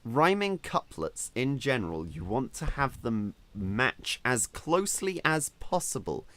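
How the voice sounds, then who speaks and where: A man's voice: mid-range voice, very animated, unhurried, fairly bright tone. A man co-hosting a casual podcast about writing, giving firm opinions and explaining with emphasis. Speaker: podcast co-host.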